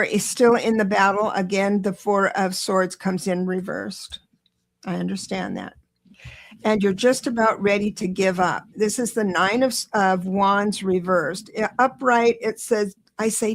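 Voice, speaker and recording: A middle-aged woman giving an excitable, reassuring live tarot reading, talking straight to her viewers. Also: mid-range voice. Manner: chatty, reassuring, talks to viewers directly; excitable, rushes then slows down.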